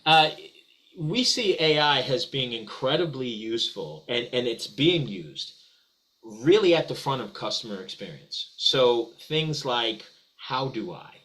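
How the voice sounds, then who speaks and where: A man is a guest in a business webinar, answering conversationally and eagerly, often restarting and repeating words. His voice is medium-pitched and fairly bright with big pitch swings and a measured pace. The recording is rough.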